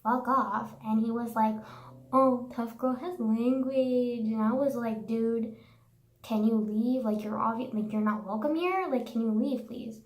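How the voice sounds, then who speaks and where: A woman's voice: fairly high pitch, moderate pace. A young woman vlogging a casual, profane rant, sarcastic and packed with "like.". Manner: profane, sarcastic, says "like" constantly. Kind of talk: casual ranting monologue. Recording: echoey room.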